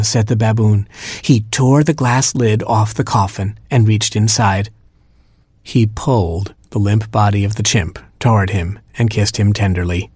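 A man narrating a children's storybook in a measured, gently humorous way. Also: fairly low pitch, fairly even intonation, slightly rough, dry recording, studio quality. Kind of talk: storybook reading.

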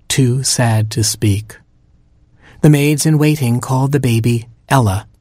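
A man reading a story aloud in a wry, gently humorous way. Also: medium pitch, dry recording, clean studio sound.

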